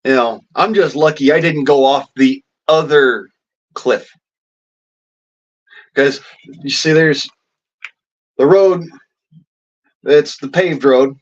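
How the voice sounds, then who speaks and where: A man rants straight to the camera, swearing hard in a blunt, rambling way and using folksy slang. His voice sits at an ordinary middle pitch. The sound is dull and lo-fi, like a cheap phone mic. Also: slow pace, pauses often. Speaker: vlogger. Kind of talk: angry ranting vlog.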